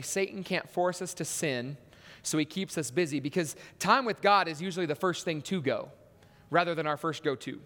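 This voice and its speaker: A man's voice: high-pitched, a bit bright, in a large hall. A man preaching a sermon in a church, telling stories and acting out voices with punchy emphasis.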